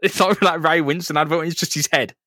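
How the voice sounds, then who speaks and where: A man's voice: a little high, fairly even intonation, quick pace, sharp tone, dry recording, studio quality. A man co-hosting a podcast in casual comic chat, swearing freely and acting out characters with a laugh. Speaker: podcast co-host.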